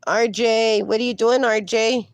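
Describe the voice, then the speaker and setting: A woman's voice: fairly high pitch, steady tone, unhurried, dry recording. Chatty woman livestreamer reading comments. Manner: chatty, reads viewer comments aloud, calls viewers darling. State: in pain, slightly strained. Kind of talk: casual livestream chat. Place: outdoors.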